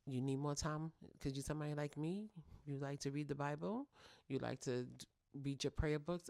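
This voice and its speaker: A woman's voice: rumbling low, gravelly, a little mellow, dry recording, studio quality. A woman hosting a talk show for single mothers, giving casual, teasing advice and clowning around as she talks straight to her listeners. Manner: playful, teasing, clowning, with direct address. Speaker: podcast host.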